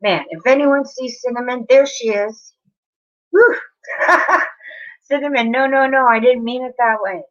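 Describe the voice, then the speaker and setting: A woman's voice: fairly high pitch, a little slow, highs cut off. A woman chatting casually with viewers on a live stream, apologetic and talking straight to her chat.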